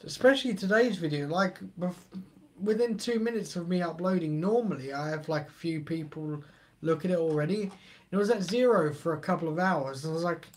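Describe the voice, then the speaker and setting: A man's voice: a little high, a little fast. A middle-aged man, hosting a live stream and chatting casually while reading the chat aloud.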